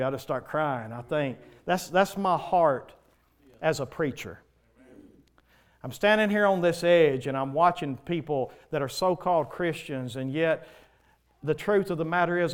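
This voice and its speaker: A man preaching in church with a slightly high voice. His sermon is impassioned and pleading, rising into loud swells and then dropping to quiet passages. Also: normal speed, clear, resonant tone.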